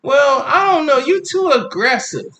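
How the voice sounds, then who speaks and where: A man's voice: very high-pitched, sing-song, measured pace, sharp tone, reverberant, pitched above the performer's own voice, full character voice. A man voicing an annoyed young mother who fires off nagging, accusing questions. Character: annoyed young mother scolding her boyfriend.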